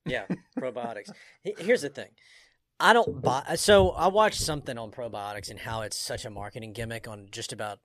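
A laid-back man chatting as a podcast guest, giving short, skeptical answers. His voice sits at a middle pitch and is recorded dry and close. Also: moderate pace, fairly bright tone, no room sound. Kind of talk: casual podcast chat. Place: podcast studio.

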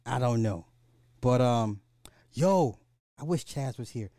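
Animated, slangy man podcasting. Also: medium pitch, takes it slowly, no room sound, clean studio sound. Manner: animated, swearing, slangy, many restarts. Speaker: podcast host. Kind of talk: casual chat.

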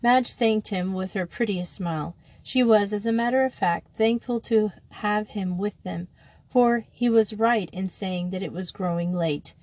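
A woman narrating a children's novel in a steady, measured reading. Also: mid-range voice, dry recording. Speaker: audiobook narrator. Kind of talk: scripted narration.

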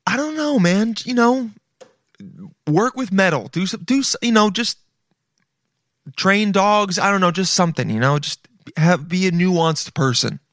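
A man's voice: high-pitched, a bit bright, dry recording, studio quality. Rambling, profane comedy podcast man. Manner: profane, rambling, chummy, says dude a lot. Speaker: podcast host. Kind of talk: casual comedic monologue.

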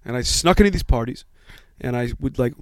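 A man's voice: mid-range voice, lively intonation, a little fast, no room sound. Rambling man telling a story. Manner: rambling, self-deprecating, many restarts. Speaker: guest. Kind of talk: casual storytelling chat.

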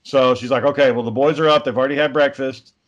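A man's voice: mid-range voice, steady tone, fast, muffled recording. A man in his thirties telling a casual story, swearing freely and acting out what people said. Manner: profane, acts out quotes of people in the story.

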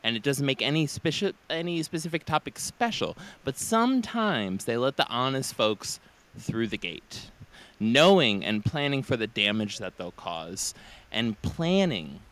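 A man co-hosting a casual podcast chat, animated and profane, acting out comic bits. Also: medium pitch, measured pace. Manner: animated, swearing, acts out bits. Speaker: podcast co-host.

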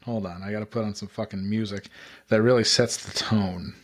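Laughing, profane young podcast host. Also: male voice, lowish voice, steady tone, fairly quick. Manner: laughing, profane, theatrical readings. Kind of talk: casual comedic chat, reading posts aloud.

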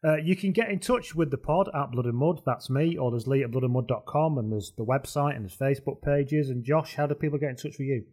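A man's voice: medium pitch, brisk, hardly any pauses, a little mellow. A man hosting a rugby podcast in casual chat, jokey and rambling. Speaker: podcast host.

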